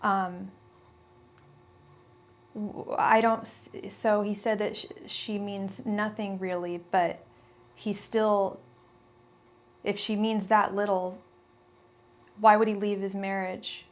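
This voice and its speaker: A woman's voice: mid-range voice, flat delivery, slow pace, long pauses. Young woman, tarot reader on a live stream, blunt chatty delivery, plenty of restarts.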